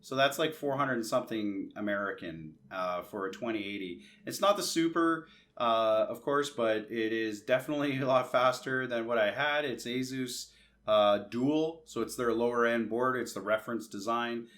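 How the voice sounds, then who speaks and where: A man from Canada rambles through a customer service story in an easygoing, conversational way. He slips into the other people's words as he quotes them and restarts his sentences often. His voice sits at an ordinary middle pitch. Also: moderate pace, a bit bright. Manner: chatty, re-enacts conversations in quoted asides, frequent restarts. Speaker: tech vlogger.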